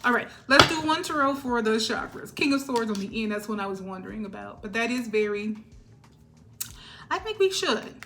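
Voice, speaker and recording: A woman's voice: on the high side, animated, moderate pace, noisy background. A woman giving a spiritual tarot reading to her viewers. She talks in an emphatic, sassy way and keeps checking in with "all right?". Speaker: tarot reader.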